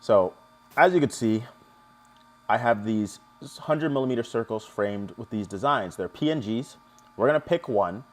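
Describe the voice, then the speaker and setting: A man's voice: fairly low pitch, expressive, normal speed. Chatty man hosting a live tutorial. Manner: chatty, jokey, talks to chat viewers. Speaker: live stream host.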